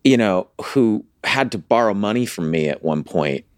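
Low-voiced jokey man with lively delivery. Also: moderate pace, smooth, no echo, clean studio sound. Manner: jokey, animated. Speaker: podcast co-host. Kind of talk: casual chat.

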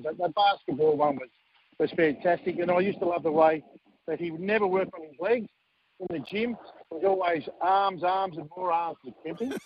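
A man's voice: high voice, slight background noise, poor audio. A man, a former team manager, telling jokey stories as a guest on a radio show, acting out quotes. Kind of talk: casual storytelling on a radio show.

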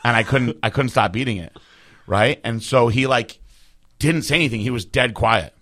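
A man's voice: medium pitch, normal speed, a bit bright. A man telling a long story in casual chat, rambling and profane, laughing at himself. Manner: rambling, profane, self-deprecating.

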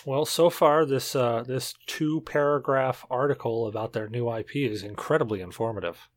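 Man, mid-pitched, tipsy podcast co-host, rambling joke teller, dry close sound. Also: moderate pace, no room sound. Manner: rambling, self-interrupting, tipsy storytelling. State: drunk. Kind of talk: casual chat, telling a joke.

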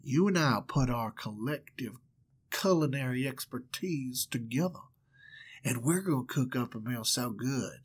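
A man voicing a scheming, doting southern mother with a Southern US twang, talking in a hushed, husky drawl. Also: medium pitch, animated, measured pace.

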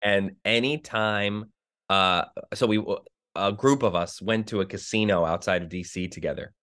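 A middle-aged man from New Jersey, a Broadway actor being interviewed, telling stories in an animated way and acting out the voices of the people he quotes. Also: on the low side, moderate pace. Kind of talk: conversational interview.

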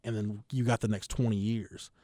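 A man hosting a sports talk show, speaking in a halting way, full of "like" and restarts. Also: fairly low pitch, little pitch movement, mellow, no echo, clean studio sound. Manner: halting, filler-heavy with frequent "like". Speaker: podcast host. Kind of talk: casual chat.

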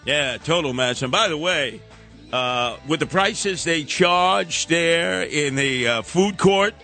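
A man's voice: a little high, animated, slow, bright, forceful tone, faint music behind. A man hosting a talk radio show, ranting sarcastically with mocking sing-song asides.

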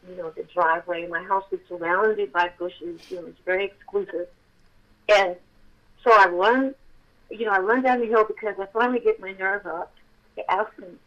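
An older woman, a guest on an interview show, telling a story in an animated, emphatic way that swings up to near-shouting exclamations. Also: mid-range voice. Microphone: telephone. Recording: tinny phone line.

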